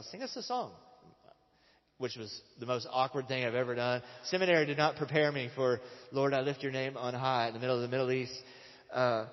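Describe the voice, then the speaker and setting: Storytelling preacher man in a dull echoing hall. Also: mid-range voice. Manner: conversational storytelling with acted quotes. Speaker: pastor. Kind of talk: sermon.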